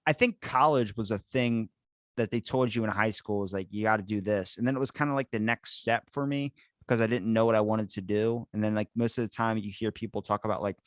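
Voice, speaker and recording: A man's voice: fairly low pitch, a little fast, dry recording, clean studio sound. A young man hosting a podcast in casual chat, rambling and swearing with a jokey edge. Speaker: podcast host.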